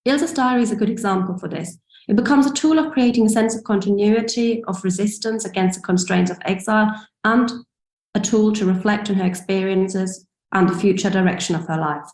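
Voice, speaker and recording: A woman reads an academic paper aloud in a steady, formal way, now and then correcting a word. The sound is roomy and echoing, coming through a video call. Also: mid-range voice, brisk. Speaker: academic speaker.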